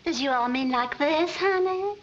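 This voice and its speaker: A woman's voice: high-pitched, normal speed, a little hiss or hum, close to an everyday voice. An actress playing a scheming young woman who fakes a swooning southern belle with a put-on Southern drawl, in 1940s film style. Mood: coy. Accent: put-on American Southern. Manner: breathy, melodramatic, coy. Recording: muffled 1940s film soundtrack.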